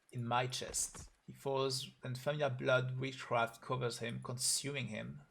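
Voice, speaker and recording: A man's voice: medium pitch, creaky, a bit bright. A man on a live stream reading a game's story aloud, voicing every character in his own voice and getting emotional.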